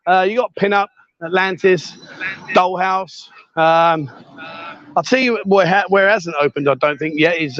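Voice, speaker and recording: Male host, high-pitched and chatty, outdoor street livestream on a phone mic, slightly lo-fi. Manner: chatty, jokey, greets people loudly on the street. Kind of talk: casual walkabout livestream. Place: outdoor street market at night.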